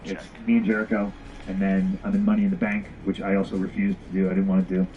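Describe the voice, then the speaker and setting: A man's voice: deep voice, completely flat delivery, fast talker, dull audio, slight background noise. A man telling a story bluntly with lots of swearing, acting out both sides of old conversations. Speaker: former pro wrestler telling a story. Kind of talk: casual candid storytelling.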